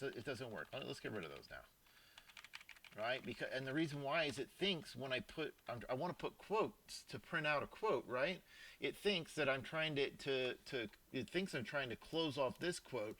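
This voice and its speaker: Bright-toned man teaching coding casually. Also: mid-range voice. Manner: informal, thinks aloud, frequent restarts and asides. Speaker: programming teacher. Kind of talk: casual screen-recorded coding lesson. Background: keyboard typing and clicks.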